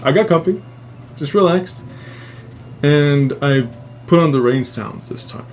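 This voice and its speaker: A man hosting a podcast, telling his own strange dream stories in a casual, profane, animated way and jumping into high voices when he quotes people. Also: unhurried, soft background music. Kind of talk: casual storytelling.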